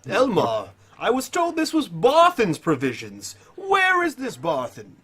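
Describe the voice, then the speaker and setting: A man playing a flamboyant male adventurer who talks in a grand, formal way and shouts everything. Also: high-pitched, wildly swooping pitch, a little slow, breathy edge, voice pushed up, exaggerated voice. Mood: cheery.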